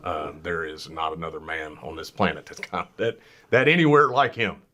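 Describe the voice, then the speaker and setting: A man's voice: a bass voice, brisk, bright, forceful tone. A man co-hosting a podcast, earnestly reminiscing in folksy, casual storytelling. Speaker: podcast co-host.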